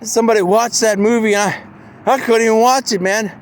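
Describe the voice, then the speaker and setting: A man's voice: sits high, fairly even intonation, fairly quick. A man in a meandering, casual monologue who keeps saying "man" and "you know" and acts out the voices he quotes.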